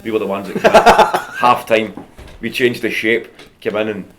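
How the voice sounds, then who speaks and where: A man's voice: on the low side, sing-song, normal speed, fairly bright tone, a little hiss or hum. A Scottish man in his thirties, a comedian guest chatting casually and telling stories with a lot of laughter. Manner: chatty storyteller, laughs often. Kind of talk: casual chat.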